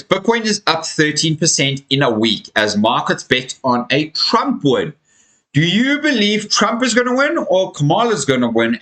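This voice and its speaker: A crypto livestream host, tired and yawning, chats with his viewers like old friends and drags out words to stress them. His voice is a little high, pushed and bright, and the audio from his home room is poor, with a fan running in the background.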